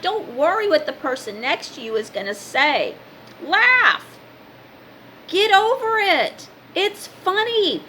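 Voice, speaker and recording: Blunt, bright-voiced woman in her fifties. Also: high voice, slight background noise. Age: 50s. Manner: emphatic, blunt, preachy. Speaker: spiritual vlogger and card reader. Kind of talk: casual motivational monologue.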